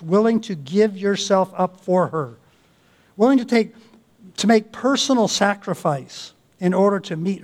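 A man with a notably high voice delivers an earnest sermon, pressing his congregation with questions one after another. He speaks as a pastor addressing a church from the pulpit. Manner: earnest, exhorting, with rhetorical questions.

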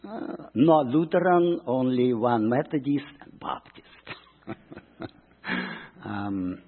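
A man with a Russian accent, a missionary speaking to a church congregation in halting, broken English full of ums and uhs. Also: mid-range voice, animated, husky. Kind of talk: church presentation. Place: church sanctuary. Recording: tinny, reverberant church recording.

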